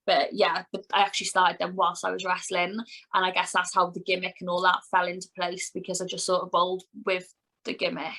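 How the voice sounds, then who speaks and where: A woman's voice: lowish voice, monotone, brisk, pushed and bright, rough recording. A woman in her thirties from Wales, a wrestler chatting casually as a podcast guest, rambling with lots of "like". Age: 30s. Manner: chatty, rambling, heavy use of "like".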